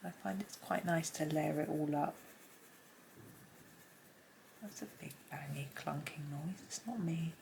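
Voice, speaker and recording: A woman giving a casual colouring tutorial at home, chatty and rambling, often dropping into soft asides under her breath. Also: low-pitched, unhurried, vocal fry, long pauses, slight background noise. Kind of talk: casual colouring tutorial, talking while drawing. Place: home room with pencils scratching on paper.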